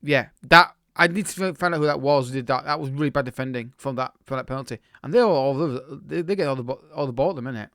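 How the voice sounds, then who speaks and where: Talking fast with hardly any pauses, a man gives chatty commentary on his own football management game, reacting live and restarting sentences often. He's a gaming YouTuber with a sharp-toned, mid-range voice, recorded at studio quality with no room sound.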